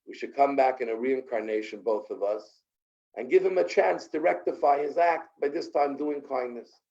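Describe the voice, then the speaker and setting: A man's voice: mid-range voice, normal speed, gravelly, dark tone, lo-fi sound, close to an everyday voice. A man voicing a humble poor man who pleads for help. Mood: earnest.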